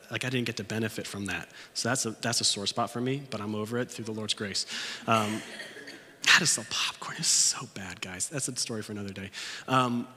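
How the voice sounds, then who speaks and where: A man's voice: medium pitch, pushed and bright. A young man, a pastor, telling a joking story from his youth in a sermon, acting out the people in it. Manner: joking, self-mocking storyteller, acts out quotes. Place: church sanctuary. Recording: long church reverb.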